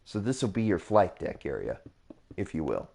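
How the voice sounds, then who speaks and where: A man's voice: low-pitched, very animated, moderate pace, vocal fry, darkish tone. A man hosting his gaming channel, talking through a build tutorial in a rambling, repetitive way, often correcting himself. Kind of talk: casual build tutorial commentary.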